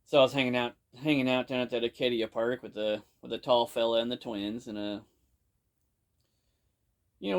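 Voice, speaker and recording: Rambling, foul-mouthed man telling a story. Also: mid-range voice. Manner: rambling, profane, full of "you know". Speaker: podcast storyteller. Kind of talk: casual first-person storytelling.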